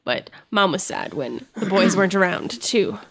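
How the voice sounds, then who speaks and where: A young woman chats on a casual podcast, telling things in a matter-of-fact way and keeping careful track of details. Her voice has an ordinary, middling pitch. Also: very animated, normal speed, vocal fry, fairly bright tone, slightly rough. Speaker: podcast co-host.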